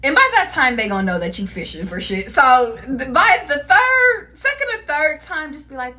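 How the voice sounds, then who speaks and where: Bright, lively woman doing a tarot reading. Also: high voice, moderate pace, hardly any pauses. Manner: animated, laughs often, curses casually. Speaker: tarot reader. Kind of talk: casual tarot reading to viewers.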